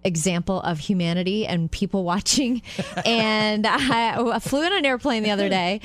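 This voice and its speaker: A woman co-hosting a talk show, telling stories in a lively way and laughing often. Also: mid-range voice, moderate pace, no echo, soft background music. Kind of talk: casual chat.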